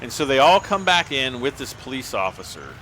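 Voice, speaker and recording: A man's voice: medium pitch, very animated, a little fast, sharp tone, slight background noise. A man on a livestream telling a long personal story in a casual, rambling way, full of restarts and "like".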